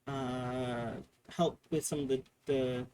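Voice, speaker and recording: A man narrating a tabletop game as game master, halting with many fillers. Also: medium pitch, steady tone, mellow, smooth, rough recording.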